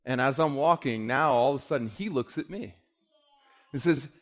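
A man preaching a sermon, telling a story with lively quoted dialogue and dropping to a quiet voice for the tender parts. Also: medium pitch, moderate pace. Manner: animated storyteller, voice drops quiet for emotional moments.

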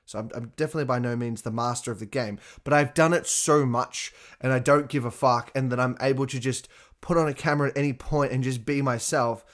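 A young man talking on his own podcast in an animated, casual way, swearing freely and making asides to his listeners. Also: mid-range voice, a little fast. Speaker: podcast host. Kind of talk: casual solo podcast talk.

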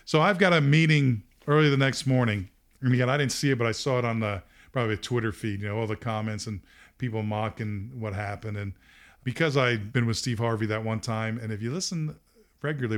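A middle-aged man hosting a podcast, telling a story in casual talk, laughing often and acting out quotes. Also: mid-range voice. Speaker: podcast host.

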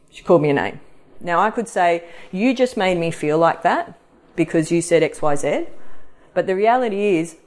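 A middle-aged woman hosting a podcast, talking casually to an audience and acting out quoted voices. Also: on the low side. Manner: chatty, animated, acts out quoted voices. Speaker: podcast host and practitioner. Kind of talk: casual live talk to an audience.

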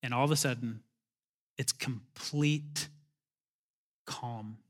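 A man preaching a sermon in a church in a casual, animated, self-interrupting way, with chuckling asides. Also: medium pitch, slow pace. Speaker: pastor.

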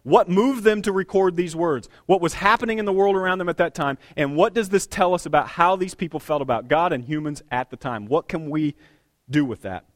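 A man in his thirties preaching a sermon as pastor, conversational and animated, with self-deprecating asides. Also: a little high, a little fast, no room sound, studio quality. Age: 30s.

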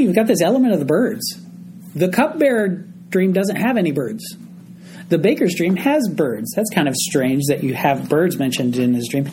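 A man's voice: sits high, mellow, slight background noise, poor audio. A man teaching a group Bible study, explaining a passage verse by verse and often checking in with his listeners.

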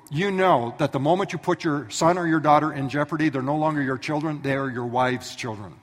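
A man's voice: fairly high pitch, fairly quick, hardly any pauses. A man preaching a sermon who tells the story vividly and speaks directly to the congregation. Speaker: pastor. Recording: echoey hall from some distance.

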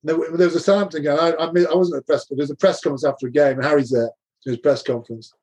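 Husky-voiced man telling laughing stories. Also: a little high, steady tone, rapid-fire, darkish tone. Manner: laughs often while telling stories, restarts sentences. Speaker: interview guest, former rugby coach. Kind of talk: casual anecdotal storytelling.

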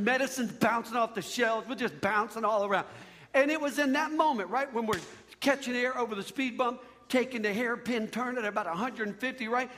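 A man doing stand-up comedy, telling a story in an animated way and yelping up high on his punchlines. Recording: long hall reverb.

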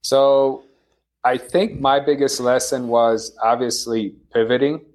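Man, from Poland, company founder, interview guest, measured, lots of fillers. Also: mid-range voice. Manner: relaxed, measured, with many fillers. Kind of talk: casual interview.

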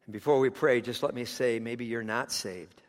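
A man's voice: medium pitch, fairly even intonation, moderate pace, long reverb tail. A man preaching a sermon, telling a story with passion, his intensity rising and falling.

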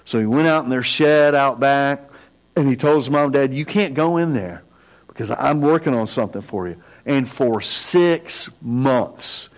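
A man's voice: medium pitch, low-quality recording. Earnest male pastor preaching. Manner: earnest, emotional preaching that swings between loud and hushed. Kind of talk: sermon with storytelling and prayer.

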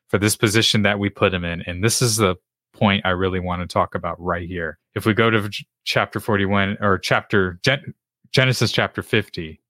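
Deep-voiced man teaching scripture. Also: a bit bright, no echo, studio quality. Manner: earnest, retelling scripture with restarts. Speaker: podcast host. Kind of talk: faith podcast teaching.

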